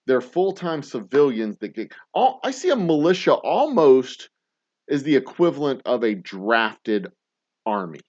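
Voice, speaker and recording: A distillery owner hosts his whiskey show live, answering viewer comments in a loose, rambling way. He is blunt and profane, and his voice rises and falls freely at a middle pitch. The audio comes through dull and lo-fi, like a home livestream. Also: big pitch swings, measured pace, darkish tone. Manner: rambling and blunt, swears freely, chuckles often.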